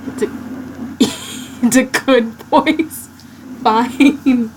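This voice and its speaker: Woman, co-host, slow pace, higher pitch, giggly, hesitant banter. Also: background noise. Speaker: podcast co-host. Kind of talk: casual comedic chat.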